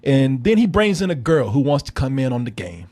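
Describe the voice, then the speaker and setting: A man hosting a casual film review, animated and profane, laughing often and acting out scenes. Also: mid-range voice, fairly quick.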